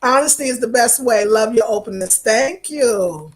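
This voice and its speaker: A high-pitched woman talks straight to her live-stream audience, calling them y'all. She is open, emotional and expressive, reading out viewer comments between her own stories. She sounds worn out from travel. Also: moderate pace. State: tired from travel. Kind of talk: casual livestream chat.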